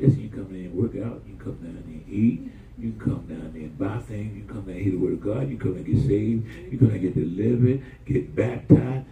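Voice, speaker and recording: A man preaching a lively sermon in a church, telling personal stories in a folksy, colloquial way and drawing call-and-response from the congregation. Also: on the low side, fairly quick, vocal fry. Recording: dull, distant, roomy church recording.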